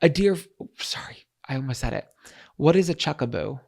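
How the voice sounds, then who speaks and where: A man's voice: mid-range voice, sing-song, fairly quick, vocal fry, a little mellow. A young adult man co-hosting a podcast, chatting playfully and casually with lots of fillers. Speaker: podcast co-host. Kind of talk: casual comedic chat.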